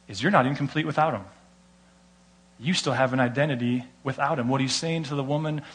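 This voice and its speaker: A man with an American accent preaching a sermon, telling stories with lively delivery and acting out the people he quotes. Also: on the high side. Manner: animated storytelling, acts out quoted voices. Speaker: pastor.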